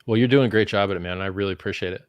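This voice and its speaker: A man's voice: fairly low pitch, racing, clean tone, no room sound, muffled recording. Blunt, emphatic man on a dry mic. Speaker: crypto founder taking guests on a livestream. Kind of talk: casual livestream chat.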